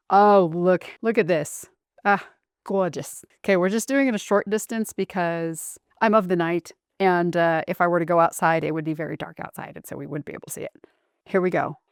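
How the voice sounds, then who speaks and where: A woman's voice: fairly low pitch, no echo, clean studio sound. A woman hosting a casual craft vlog, talking in a playful, self-mocking way. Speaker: channel host.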